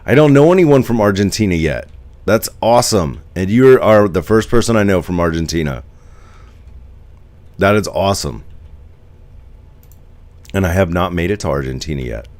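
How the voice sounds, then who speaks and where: A man's voice: low-pitched, normal speed, pauses often, darkish tone, no room sound. A man in his forties from the United States, chatting casually on a live stream, rambling and answering viewer comments.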